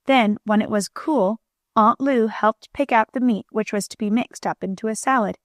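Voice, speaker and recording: A woman reading a children's storybook aloud as an audiobook narrator, in a gentle, clear manner, lightly voicing the characters. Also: fairly high pitch, moderate pace, dry recording, studio quality.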